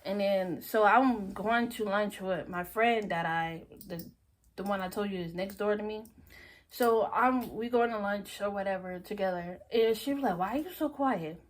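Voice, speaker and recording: A young woman casually telling a story-time vlog, animated and laughing often, acting out her friends' lines. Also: mid-range voice, moderate pace. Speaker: storyteller vlogger.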